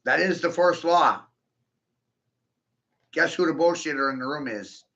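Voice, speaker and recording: A man's voice: on the high side, a little slow, creaky, bright, forceful tone, highs cut off. A man in a rambling monologue, boastful and taunting, swearing crudely and laughing often.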